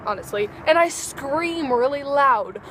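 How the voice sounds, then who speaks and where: A woman's voice: high-pitched, lively intonation, a little slow, fairly bright tone, a little hiss or hum. A teenage girl vlogging outdoors at dusk, chatting in a bubbly, rambling way and acting out little dialogues. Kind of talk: casual chat to camera.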